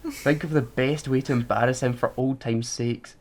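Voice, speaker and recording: In a laid-back podcast conversation, a male co-host with a mid-range voice and fairly even intonation talks at a moderate pace, being argumentative and reciting facts to back himself up.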